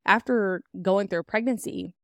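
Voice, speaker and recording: A woman's voice: medium pitch, unhurried, no room sound, clean studio sound. A young woman hosting a podcast, talking candidly about her own life in a chatty way, with lots of "like" fillers and laughs. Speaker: podcast host. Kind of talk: personal storytelling to listeners.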